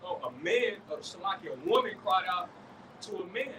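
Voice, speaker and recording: A man with a high, light voice preaches emphatically and keeps asking his listeners if they follow. He is caught from a distance by the mic. Loud traffic and outdoor noise run behind him. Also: expressive, moderate pace. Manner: emphatic, checks in with "all right?". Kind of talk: preaching in a scripture study.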